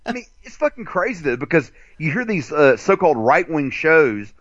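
A man's voice: on the high side, big pitch swings, normal speed, a bit bright, dry recording, highs cut off. A man from the metro Atlanta area co-hosting a podcast, rambling in crude casual banter with many fillers. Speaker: podcast co-host.

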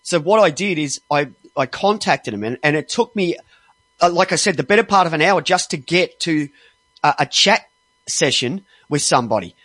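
A man's voice: a little high, expressive, moderate pace, a bit bright, slightly rough, no echo. A man ranting angrily, heavily profane and exasperated, stumbling and restarting as he gets worked up. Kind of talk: angry ranting monologue.

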